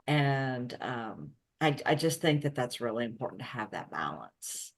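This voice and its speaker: A woman's voice: rumbling low, sing-song, unhurried. A woman hosting an interview, speaking in an earnest, reflective way. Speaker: host. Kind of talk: interview conversation.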